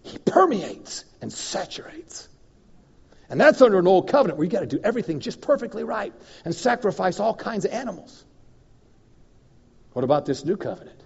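A man preaching as a guest minister, telling a story in an animated way that swings from loud and emphatic to low and confiding. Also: a little fast, gravelly, slightly rough. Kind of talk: storytelling sermon. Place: church hall. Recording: dull recording in a reverberant hall.

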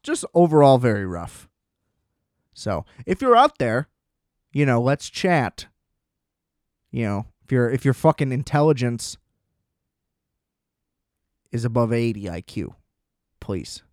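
A man's voice: medium pitch, sing-song, takes it slowly, pauses often, no room sound, studio quality. A young man hosting his own podcast, ranting in a profane, sarcastic, casual way. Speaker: podcast host. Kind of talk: casual solo rant.

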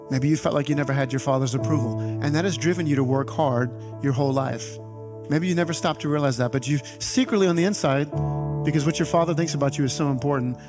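A man preaching in a lively, conversational way, turning often to the congregation. His voice sits fairly high. The sound carries the long reverb of a church hall, with faint music underneath. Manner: animated, conversational preaching with audience asides. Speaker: pastor. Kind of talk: sermon. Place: church sanctuary.

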